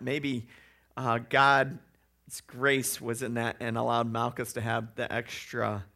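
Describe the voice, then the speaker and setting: A man with a mid-range, pushed, bright voice and some vocal fry delivers a conversational sermon. He throws in joking asides and rhetorical questions and acts out quoted voices.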